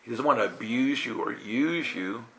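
A man's voice: mid-range voice, expressive, normal speed, sharp tone, low-quality recording. A man telling a casual personal testimony as a guest minister, chatty and self-interrupting, often checking in with "right?".

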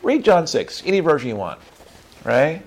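A man preaching a lively sermon, acting out churchgoers in quick character voices and tagging lines with "right?". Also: a little high, slight background noise. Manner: acts out church members in character voices, says "right?" often. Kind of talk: animated sermon.

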